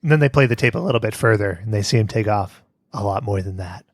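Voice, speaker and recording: A man's voice: lowish voice, fast talker, no echo. A man co-hosting a casual podcast, goofy and punny, laughing at his own jokes. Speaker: podcast co-host answering trivia.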